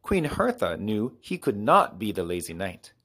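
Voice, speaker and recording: A man reading short children's stories aloud with clear, expressive storytelling. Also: fairly low pitch, normal speed. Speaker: narrator.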